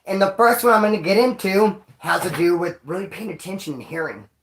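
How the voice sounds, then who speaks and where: Slangy, animated man telling prison stories. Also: sits high, brisk, a little hiss or hum. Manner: animated, slangy and profane, acts out quoted voices. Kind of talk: casual storytelling to camera.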